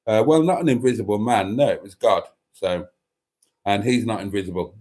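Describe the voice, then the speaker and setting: Hosting a relaxed livestream for his YouTube channel, a man with a lowish voice rambles chattily at a normal speed while reading viewer comments. He stumbles through restarts and fills gaps with ums.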